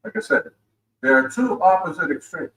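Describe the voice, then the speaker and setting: A man who drives gig deliveries, rambling in a laid-back way in a casual vlog clip. His voice sits a little high for a man. The recording is roomy, with him well back from the mic. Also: big pitch swings, moderate pace, fairly bright tone, slight background noise. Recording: roomy, distant clip audio.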